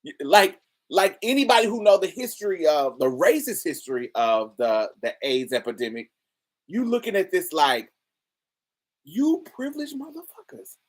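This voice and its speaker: A woman's voice: low-pitched, lively intonation, normal speed, hardly any pauses. A woman podcast host giving casual review commentary, talking in slang with exasperated asides.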